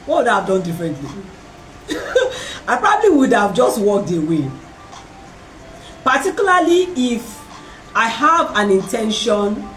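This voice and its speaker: Lady storytelling, voice bouncing all over, laughs a lot, roomy sound a bit far from the mic. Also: on the high side. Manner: animated, acts out voices in her story, laughs often. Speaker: host. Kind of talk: personal storytelling.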